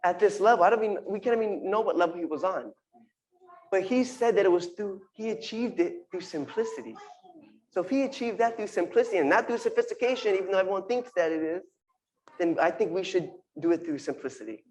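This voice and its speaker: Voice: medium pitch, brisk, a little mellow, low-quality recording. A speaker giving an earnest, informal sermon talk to a congregation, repeating phrases and using Hebrew terms. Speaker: congregation member giving a drash.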